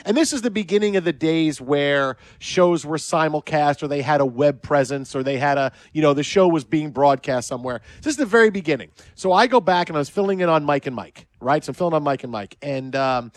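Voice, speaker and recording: A man hosting sports talk radio, telling stories in an animated, chatty way. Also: fairly high pitch, brisk, few pauses, no room sound.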